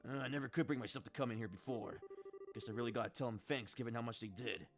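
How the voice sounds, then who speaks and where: A man voicing gruff young bracer Agate. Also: mid-range voice, fast talker, music in the background, close to an everyday voice. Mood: somber. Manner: gruff, slangy speech. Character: rough, cocky young male veteran bracer.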